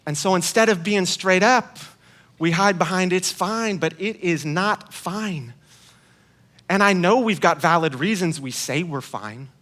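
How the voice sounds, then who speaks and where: A man's voice: sits high, lively intonation, a little slow, fairly bright tone. A man preaching a sermon as a guest speaker, in a conversational, playful way, acting out quoted voices.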